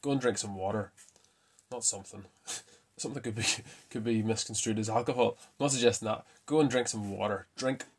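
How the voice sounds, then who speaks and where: A man hosting a casual fitness talk, chatty and quick to correct himself with a laugh. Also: fairly low pitch, slightly rough. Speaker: fitness podcast host. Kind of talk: casual myth-busting talk.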